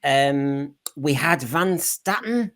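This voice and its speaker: A man's voice: on the high side, animated, extremely slow, fairly bright tone. A man hosts a casual podcast chat in a slightly raised voice, stumbling over repeated words and fillers as he moves between points. He steers the conversation and prompts his guests. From Britain. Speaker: podcast host.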